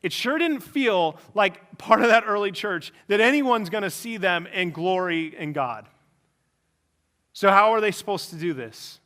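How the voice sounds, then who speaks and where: A man delivering a sermon at his church with a bright, forceful tone. His pitch sits a little high for a man. He keeps it lively and conversational, slipping into quick acted-out voices of imagined people. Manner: animated, acts out imagined people in quick asides. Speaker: pastor.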